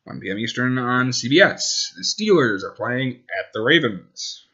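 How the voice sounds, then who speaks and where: A man's voice: mid-range voice, big pitch swings, unhurried, sharp tone, muffled recording. A man hosting a casual sports podcast, rambling and correcting himself as he goes. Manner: rambling, self-correcting, talks to his dog. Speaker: podcast host.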